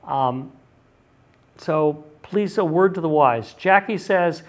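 A man's voice: on the high side, slow pace. A male university lecturer giving a recorded class talk in a chatty way, with frequent ums and restarted sentences.

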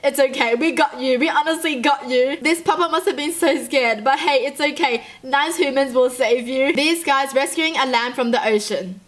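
A woman's voice: high voice, moderate pace, few pauses. A young woman from Australia hosting a reaction video, gushing sentimentally and laughing often. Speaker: YouTube reaction host. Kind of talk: emotional reaction commentary.

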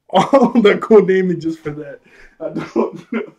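A man's voice: high-pitched, slow pace, a little mellow, highs cut off. A man casually recapping an anime episode, chuckling often and a bit out of breath, with a loose, apologetic way of talking. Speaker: anime reviewer.

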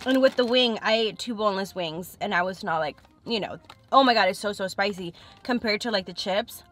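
A woman's voice: mid-range voice, a little fast, soft background music. A young woman chatting frankly and thinking aloud as she tastes food in a casual eating vlog. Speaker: food vlogger.

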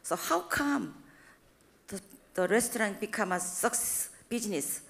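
A middle-aged woman with a Korean accent, a university president giving a church testimony in halting, simple English with frequent restarts and an animated, expressive delivery. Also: mid-range voice, creaky. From South Korea. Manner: animated and expressive, rising when emphatic.

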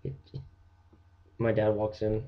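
Gravelly teenage boy ranting jokily. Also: fairly low pitch, fairly even intonation, unhurried, phone-quality sound. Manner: jokey, rambling, with hushed whispered asides. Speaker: vlogger. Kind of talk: rambling comic rant.

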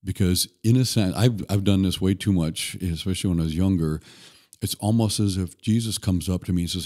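A man guest on a podcast, telling stories in an earnest, relaxed way with occasional restarts. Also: low-pitched, fairly quick. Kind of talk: conversational storytelling.

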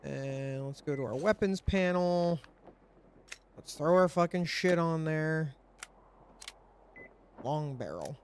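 A man's voice: a little high, expressive, takes it slowly, long pauses, a little hiss or hum. A man hosting a let's play, commenting on his game in a frustrated, profane, ranting way. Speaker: gaming channel host.

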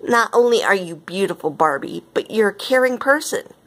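A woman voicing a poised, gracious female company boss who speaks in a measured way, in a read-aloud storybook. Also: medium pitch, lively intonation, fairly bright tone.

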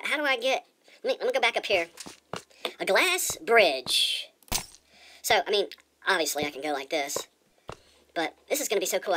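A woman's voice: mid-range voice, fairly bright tone, slight background noise. A woman giving casual let's-play commentary as she plays, chatty and rambling, often repeating her words. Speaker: gamer.

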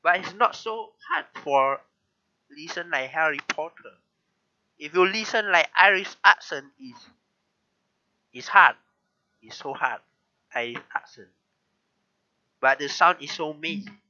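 A man with a very bright, forceful voice and a fairly high pitch, speaking slowly and deliberately. He coaches a learner on a casual practice call in simple, halting English, often repeating words. The sound is a little dull and lo-fi. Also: expressive.

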